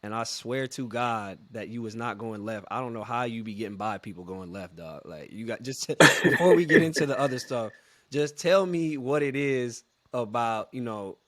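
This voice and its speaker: A man's voice: on the low side, no echo. A man in his thirties hosting a podcast in a casual, joking way, a little sick and laughing often. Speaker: podcast host.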